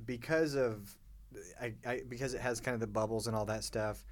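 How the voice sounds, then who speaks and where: A man's voice: mid-range voice, steady tone, moderate pace. Male podcast co-host, casual chat, mid-range voice, asks and comments. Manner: asks questions and chimes in with short remarks.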